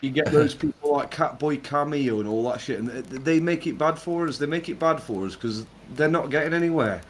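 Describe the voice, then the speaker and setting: A man's voice: fairly high pitch, brisk, a little hiss or hum. A man in casual podcast banter, crude and sarcastic, swearing constantly. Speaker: podcast co-host.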